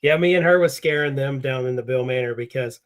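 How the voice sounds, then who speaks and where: A woman hosting a casual paranormal livestream over a video call, chummy and excitable, laughing often. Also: a bass voice, brisk. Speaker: show host.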